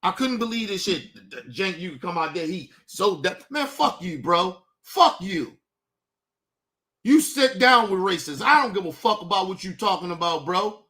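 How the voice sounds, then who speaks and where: A male show host giving a heated, profane commentary rant, swinging from low muttering to shouting. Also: animated, moderate pace.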